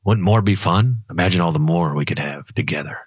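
A man's voice: deep voice, a little fast, breathy edge, no echo, clean studio sound, pitched below the performer's own voice. A man voicing a tempting male devil cartoon duck who wheedles and urges greed. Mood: coaxing.

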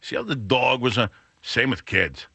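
A man's voice: moderate pace, creaky, sharp tone, breathy edge, dry recording. A middle-aged man telling a casual story, acting out the people he quotes. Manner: acts out quoted voices, shifting pitch. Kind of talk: casual anecdote.

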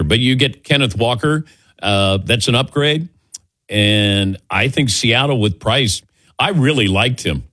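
A man's voice: mid-range voice, husky, no echo. A middle-aged man hosting a sports talk radio show, bantering and joking with callers and crew. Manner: jokey, animated banter with callers.

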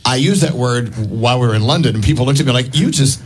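A man's voice: mid-range voice, fast talker, breathy edge. An American man hosting a radio show, telling stories and joking with a guest. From United States. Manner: storytelling, joking. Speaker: radio host. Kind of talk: casual radio chat.

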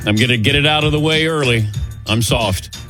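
A man's voice: medium pitch, brisk, bright, forceful tone, soft background music. A middle-aged man hosting a sports talk show, telling a self-mocking story in casual banter and acting out the voices he quotes. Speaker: sports radio host.

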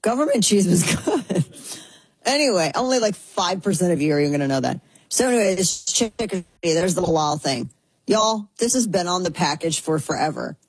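A woman's voice: on the low side, lively intonation, normal speed, breathy edge, dry recording, poor audio. A woman hosting a talk show in a chatty, sarcastic way, often slipping into mocking voices. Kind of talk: casual commentary.

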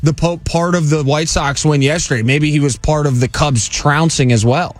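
A man's voice: fairly high pitch, fairly even intonation, dry recording, faint music behind. Man in his twenties on sports radio. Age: 20s. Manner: quick, jokey, rattles off stats. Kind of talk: casual sports radio banter. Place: radio studio. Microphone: studio mic.

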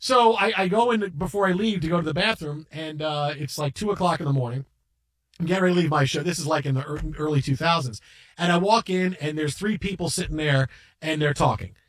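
Middle-aged male radio host, high voice, rapid-fire excited rambling. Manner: rambling, excited anecdote-telling with many restarts. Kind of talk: casual on-air chat.

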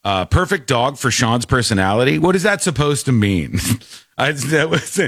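Male show host, lively swooping delivery, dry close sound, chatty and rambling. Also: medium pitch, moderate pace, slightly rough, dry recording. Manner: animated, rambling, laughs often. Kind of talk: casual talk show banter.

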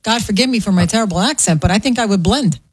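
A woman's voice: medium pitch, fast, breathy edge, no echo. A woman co-hosting a talk radio show, bantering playfully and teasing.

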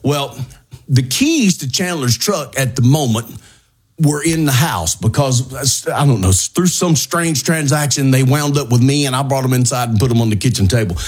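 Husky, animated middle-aged man telling a story. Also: moderate pace. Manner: animated storyteller, mimics shouting neighbors in high yelps. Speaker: radio show host. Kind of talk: casual storytelling on a radio show.

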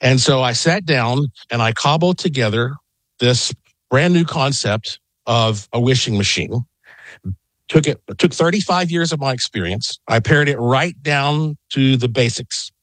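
A middle-aged man, a guest on a call-in radio interview, telling an excited, rambling story from his home. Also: mid-range voice, measured pace, no echo. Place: home in Las Vegas.

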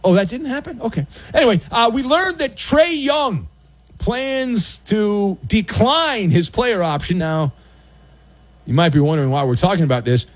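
Sarcastic late-night sports radio host. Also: male voice, high-pitched, animated. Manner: sarcastic, jokey, drawn-out emphasis.

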